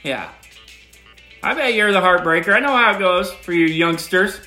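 A middle-aged man sending a casual, rambling voice message to a show, talking in an animated, emphatic way and repeating words for effect. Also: high voice, normal speed, soft background music.

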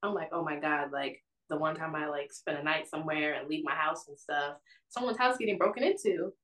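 A woman's voice: low-pitched, little pitch movement, a little fast, pushed and bright, reverberant, far from the mic, poor audio. A young woman casually telling a personal story, filling her speech with "like" and "or whatever.". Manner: chatty, constant fillers of "like" and "or whatever".

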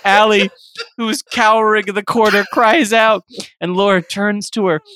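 A man's voice: high voice, steady tone, moderate pace, bright, forceful tone, clear, resonant tone, dry recording. A man co-hosting a comedy podcast, narrating an absurd story in a playful way. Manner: playful, breaks into laughter while narrating. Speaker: podcast co-host.

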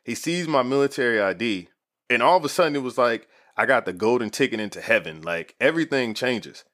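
A man's voice: mid-range voice, expressive, brisk, fairly bright tone. Laid-back slangy man telling a story. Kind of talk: casual storytelling.

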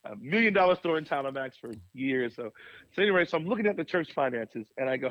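Male pastor, interview guest, lively storyteller who laughs a lot, slightly high voice, dry close sound. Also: quick pace, dry recording, muffled recording.

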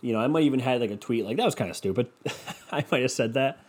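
A man's voice: medium pitch, fast talker, a little mellow. Man, casual podcast host, profane, rambling, mocking imitations. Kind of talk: casual solo monologue.

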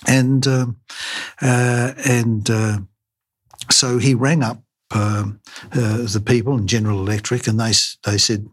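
An older man, a craniofacial surgeon, answering interview questions in a halting way with many fillers and restarts. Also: mid-range voice, level tone, husky. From Australia.

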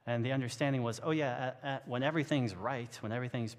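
A man preaches in a relaxed, joking way, often stopping and restarting his sentences. His voice sits at a middle pitch. It rings with the long reverb of a large church hall. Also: fast. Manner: conversational and joking, with frequent restarts. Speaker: pastor. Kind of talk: sermon. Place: church sanctuary.

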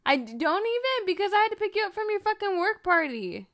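A woman's voice: extremely high pitch, big pitch swings, fast, fairly bright tone. A young woman co-hosting a casual podcast, blunt and laughing as she tells stories and swears freely. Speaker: podcast co-host. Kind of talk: casual chat.

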